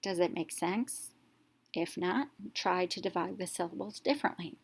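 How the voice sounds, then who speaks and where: A woman with a fairly low, husky voice teaches phonics. She goes slowly and deliberately through every step, sounding out individual letters before blending them into a word.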